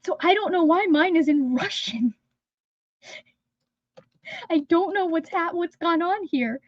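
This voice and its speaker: High-voiced woman chatting on a livestream. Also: a little slow, no echo, dull audio. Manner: rambling, chatty, trails off mid-sentence. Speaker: livestream host. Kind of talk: casual livestream chat. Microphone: phone.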